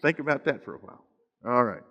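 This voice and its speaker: A man's voice: medium pitch, animated, fast, highs cut off. A man preaching a sermon as pastor, stretching out scripture phrases for emphasis and slipping in joking asides to the congregation. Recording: long hall reverb.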